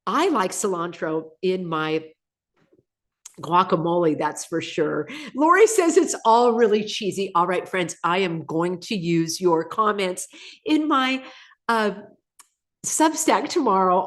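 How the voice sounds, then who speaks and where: A channel host chats casually on a live stream, laughing often and reading viewer comments aloud while seeming slightly under the weather. Her voice is medium in pitch.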